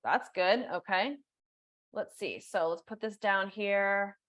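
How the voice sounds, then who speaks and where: A woman's voice: mid-range voice, slow, a bit bright. A woman hosting a live coaching session, talking casually with lots of "like"s and reading viewer comments aloud. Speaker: law of attraction coach and host. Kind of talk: live-streamed coaching talk.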